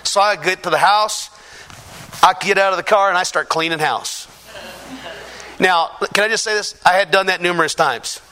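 A man, a pastor, giving a lively testimony sermon to a congregation in a church, acting out the voices of the people in his story. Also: high voice, normal speed, pauses often. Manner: animated storyteller, acts out quoted voices.

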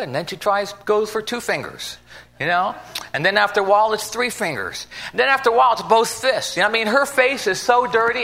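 A man's voice: sits high, animated, brisk, vocal fry, bright, forceful tone. A man preaching an informal sermon in a folksy, conversational way, acting out little scenes as he goes.

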